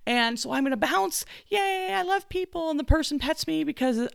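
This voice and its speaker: Woman playing a bouncy happy dog, high gravelly squeal, giddy and gushing. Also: lively intonation, moderate pace, dry recording, clean studio sound. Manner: giddy, gushing, self-narrating.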